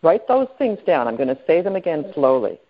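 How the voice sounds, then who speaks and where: Woman, lower voice, sales trainer, chatty with fillers, tinny phone line. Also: very animated, brisk. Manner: chatty, with many fillers and friendly questions to the group. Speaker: sales trainer leading a group call. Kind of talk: coaching talk on a conference call.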